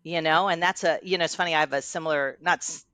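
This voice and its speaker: A woman's voice: low voice, fast, fairly bright tone, no room sound. A middle-aged woman coach in a casual conversation, telling stories and acting out quoted lines with animation. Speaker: guest coach.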